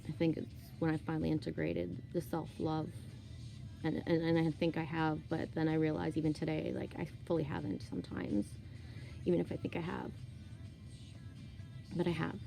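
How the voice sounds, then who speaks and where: A woman's voice: low voice, completely flat delivery, moderate pace, vocal fry, pauses often, warm tone, soft background music, low-quality recording. Foul-mouthed woman rambling. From Canada. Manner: profane, rambling, candid. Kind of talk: casual monologue.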